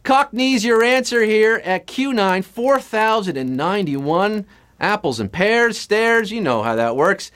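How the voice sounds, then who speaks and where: A man's voice: high voice, big pitch swings, fairly bright tone. A man hosting a live trivia game, reading questions and cracking puns and jokes between answers. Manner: punning, joking, reads questions briskly. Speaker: quiz show host. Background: music.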